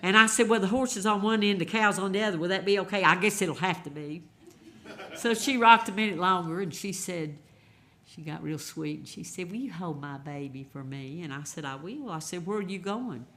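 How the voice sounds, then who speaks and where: A singer-songwriter, telling a folksy, gentle story between songs at a live songwriters' round, with unhurried pauses. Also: medium pitch.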